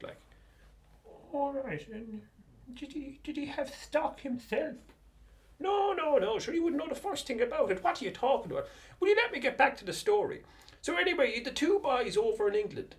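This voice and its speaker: Irish male storyteller, animated, rambling comic yarn, wide-ranging pitch. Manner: chatty, digressive, animated.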